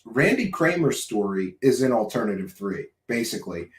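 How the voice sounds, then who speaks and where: A man's voice: mid-range voice, very animated, moderate pace. A man hosting a podcast interview, joking and teasing his guest in casual chat. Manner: joking, teasing, playful asides. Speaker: host. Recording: echoey room.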